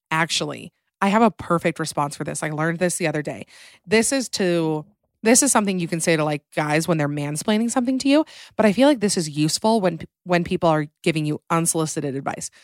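Host: young woman, lowish voice, dry close sound, playful chat. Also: lively intonation, fairly quick, no room sound. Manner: chatty, playful, with acted-out quotes. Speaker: podcast host. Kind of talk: casual podcast chat.

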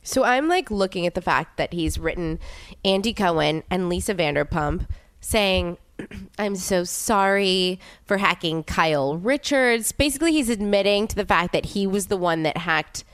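A young woman chatting casually as a podcast host, telling a story with many fillers and sudden high exclamations. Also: moderate pace, dry recording. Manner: animated storytelling with many "like" fillers, leaps in pitch when exclaiming. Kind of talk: casual chat.

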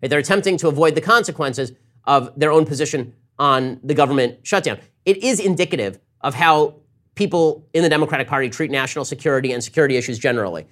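A man hosting a political commentary show, talking in a fast, sarcastic monologue and mimicking his opponents in quick asides. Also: a little high, a bit bright.

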